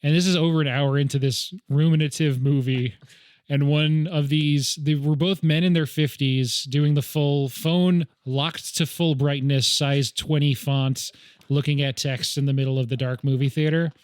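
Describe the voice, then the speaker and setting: A man's voice: on the high side, fairly even intonation, moderate pace, smooth, dry recording, studio quality. A man chatting on a podcast, telling a rambling, joking story full of ums and likes. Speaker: podcast co-host. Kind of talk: casual chat.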